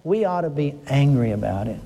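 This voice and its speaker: A man's voice: expressive, fairly quick, dark tone. An older man, preaching a sermon in an emotional, earnest way and breaking off to restart his sentences often. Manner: emotional, rising pitch when stirred, frequent restarts. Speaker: pastor.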